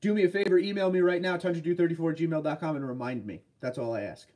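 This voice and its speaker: A man's voice: on the high side, quick pace, warm tone. A man with a Boston accent and a head cold, hosting a casual livestream and answering viewer questions about trucks in a laid-back way. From New England. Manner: laid-back, reads chat comments aloud and answers.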